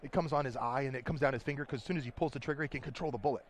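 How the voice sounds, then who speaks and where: A man's voice: mid-range voice, rapid-fire, a little hiss or hum. A man, a game designer, explaining his tabletop game at a convention floor interview, talking eagerly and rambling with restarts. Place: busy convention hall.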